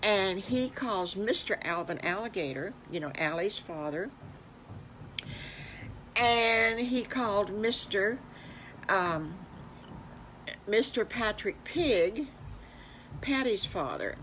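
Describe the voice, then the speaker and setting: An older woman telling an improvised story to children, speaking in a halting, homey way. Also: medium pitch, animated, fairly bright tone, slight background noise. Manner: halting, with fillers and restarts, homey.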